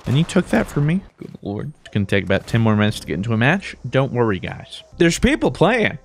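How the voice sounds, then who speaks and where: A man doing let's play commentary, excitable and jokey, switching between mumbled asides and high-pitched yelps. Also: fairly quick, creaky. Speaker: gaming YouTuber.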